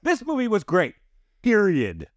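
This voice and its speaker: A man with a high voice that swoops and bounces co-hosts a comedy podcast. He throws in mock-excited punchlines. The sound is close and dry. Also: a little slow, no room sound, highs cut off. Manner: mock-hype exclamations. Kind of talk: sketch comedy podcast banter.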